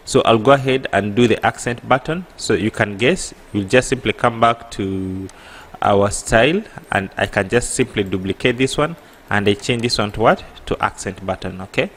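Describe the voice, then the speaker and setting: A man with an East African accent teaching an app coding tutorial, halting and correcting himself, often pausing with a rhetorical "what?". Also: fairly low pitch, fairly bright tone, slight background noise. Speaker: programming tutor. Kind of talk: screen-recorded coding tutorial.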